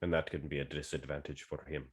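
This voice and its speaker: Deep-voiced Canadian man joking around. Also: flat delivery, fast talker, husky. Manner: joking, teasing banter. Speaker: podcast co-host. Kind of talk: casual chat.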